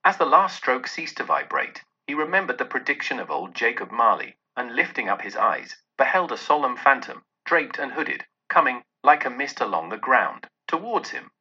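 Husky, bright-toned male storyteller. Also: medium pitch, moderate pace, hardly any pauses. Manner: theatrical, expressive. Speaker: narrator. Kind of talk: dramatic storybook narration. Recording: dull lo-fi recording.

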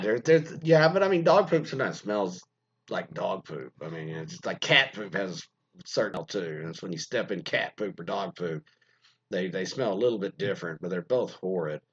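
A man's voice: deep voice, a bit bright, slightly rough, lo-fi sound. A man hosting a podcast, chatting casually in a crude, joking, meandering way with lots of fillers. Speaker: podcast host reading listener stories. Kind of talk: casual rambling chat.

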